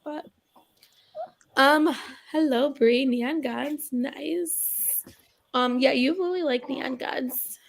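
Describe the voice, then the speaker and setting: A woman's voice: high-pitched, slow, creaky, a little hiss or hum. A woman co-hosting a casual livestream on a video call, greeting viewers by name and reacting to their comments. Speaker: livestream co-host reading viewer chat.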